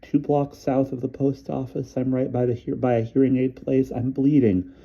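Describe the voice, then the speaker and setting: A man's voice: deep voice, slow, lo-fi sound. A man voicing a frightened, injured teenage girl who pleads with a trembling voice, close to hysterics. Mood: pleading.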